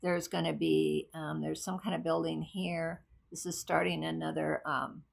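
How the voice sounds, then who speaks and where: In a low, gravelly voice with little pitch movement and a normal speed, a woman who vlogs about crafts chats loosely about her cross stitch, thinking aloud and rambling along the way.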